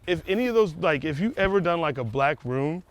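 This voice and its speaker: Animated, profane man, slightly high voice. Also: a little fast. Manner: animated, profane, acts out quoted people. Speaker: comedian guest. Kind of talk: casual chat. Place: outdoors on a neighborhood street.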